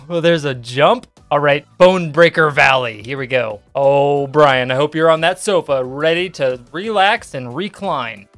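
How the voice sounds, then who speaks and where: A young man from the United States hosting his gaming channel, giving jokey let's-play commentary and bursting into yelps and shouts. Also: on the high side, unhurried, hardly any pauses, soft background music.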